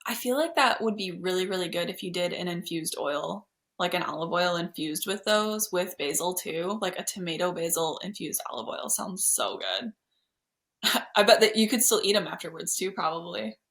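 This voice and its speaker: A woman's voice: on the low side, expressive, moderate pace, a bit bright. A young adult woman co-hosting a homesteading podcast, talking in an easygoing, conversational way full of casual fillers. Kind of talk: casual chat.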